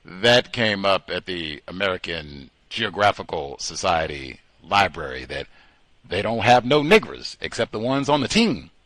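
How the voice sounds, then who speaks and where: A male host giving an animated, mocking commentary monologue, slipping into put-on voices. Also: deep voice, measured pace, dry recording.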